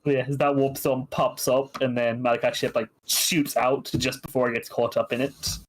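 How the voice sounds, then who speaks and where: A man's voice: mid-range voice, level tone, moderate pace, a little hiss or hum, rough recording. Guy running a tabletop game, laughs a lot while he narrates, plain middle voice. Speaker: game master.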